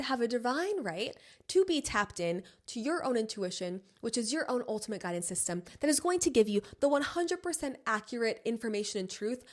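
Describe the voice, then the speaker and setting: A woman podcast host and self-help coach giving a casual motivational monologue, blunt and freely swearing, with frequent laughs. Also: medium pitch.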